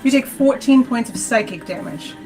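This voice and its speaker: A woman running a streamed tabletop game as game master, chatty, jokey and quick to poke fun at herself. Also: fairly high pitch, animated. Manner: chatty, jokey and self-mocking. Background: faint dramatic music.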